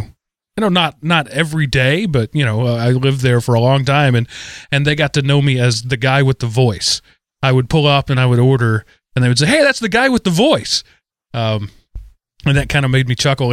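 A man's voice: mid-range voice, no room sound, clean studio sound. A middle-aged man co-hosting a podcast, telling stories in a rambling way and often correcting himself mid-sentence. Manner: rambling, self-correcting storyteller. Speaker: podcast co-host. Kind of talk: casual chat.

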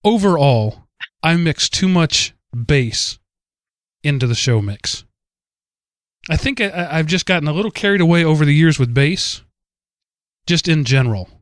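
A man's voice: mid-range voice, clear, resonant tone, no room sound, studio quality. A man with a Southern US accent hosting a casual podcast, rambling and self-deprecating, talking in a stream of consciousness. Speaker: podcast host.

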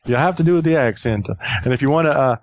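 A man's voice: mid-range voice, fast. A man with a mid-range voice talks casually as a podcast co-host, easygoing and joking, with plenty of fillers. The sound is dry and close, with no room echo. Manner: chatty, joking, rambling with fillers.

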